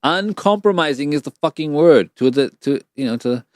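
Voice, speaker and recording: A man's voice: fairly high pitch, animated, moderate pace, no echo, studio quality, faint music behind. A man co-hosting a podcast, swearing and mocking as he reacts to a documentary in casual chat. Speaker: podcast co-host.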